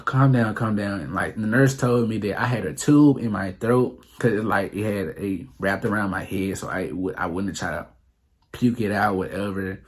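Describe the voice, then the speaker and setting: A man's voice: on the low side, breathy edge. A young man telling a rambling, profane storytime on his vlog, full of fillers. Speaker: vlogger. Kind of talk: casual storytime monologue.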